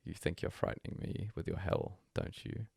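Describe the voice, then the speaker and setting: A man reading a bedtime story aloud as a hushed, breathy first-person monologue. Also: low voice, huge pitch swings, moderate pace, no echo, clean studio sound. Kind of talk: soft-spoken story reading.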